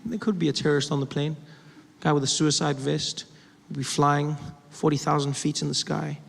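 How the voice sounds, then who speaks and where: A man doing stand-up comedy, telling a story with animated, self-mocking delivery on a theater stage. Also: fairly high pitch, moderate pace, creaky. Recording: echoey hall with loud crowd. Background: audience laughter.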